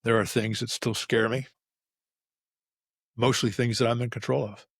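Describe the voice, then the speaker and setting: A man's voice: medium pitch, level tone, normal speed, creaky, breathy edge, dry recording, studio quality. Candid, rambling man hosting a solo podcast. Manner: rambling, candid storytelling with frequent restarts. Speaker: podcast host. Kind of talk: unscripted solo monologue. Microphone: facing camera, close mic.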